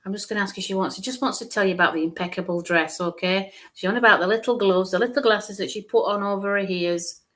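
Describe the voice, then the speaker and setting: A woman's voice: mid-range voice, quick pace, hardly any pauses, fairly bright tone. A woman medium giving a live-streamed psychic reading, musing aloud, hesitant, repeating sounds and letters.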